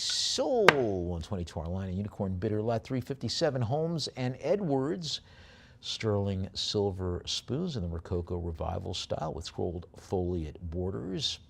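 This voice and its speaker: Gravelly-voiced male auctioneer calling bids. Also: mid-range voice. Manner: rapid bid calling between slower item descriptions with many fillers.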